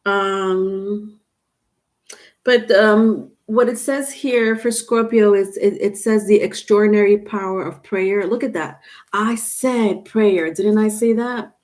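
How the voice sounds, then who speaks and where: A woman's voice: mid-range voice, fairly even intonation, slow, darkish tone. A woman hosting a live tarot reading, chatty and repetitive, often laughing while greeting viewers. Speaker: tarot reader. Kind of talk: live-stream reading and chat.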